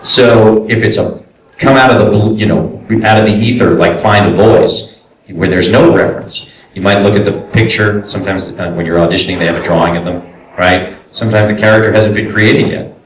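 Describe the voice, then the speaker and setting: A man's voice: fairly low pitch, brisk. A man, a voice actor and director, answering audience questions at a convention panel in a loose, chatty way full of fillers and restarts. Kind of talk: casual Q&A talk to a live audience. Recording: echoey room from far off.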